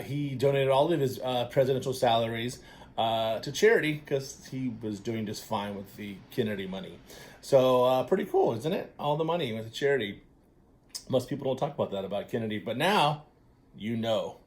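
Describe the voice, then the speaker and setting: A man's voice: mid-range voice, darkish tone. Upbeat man hosting a casual trivia show. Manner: upbeat and encouraging, with many fillers and self-corrections. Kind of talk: casual chatty trivia quiz to camera.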